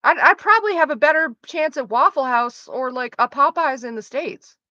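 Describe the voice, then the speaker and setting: A woman with a bright, sharp, fairly high voice chats as a streamer, swearing freely and venting sarcastically. The sound is dry and a little muffled, close to a desk mic. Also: animated, moderate pace, dry recording. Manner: profane, ranting, sarcastic. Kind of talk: casual chat.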